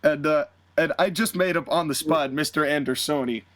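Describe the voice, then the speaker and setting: A male podcast host spinning an animated, rambling story in casual chat. His voice sits a little high. The sound is dry and close-miked. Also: moderate pace, no room sound. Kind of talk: fantasy-booking storytelling chat.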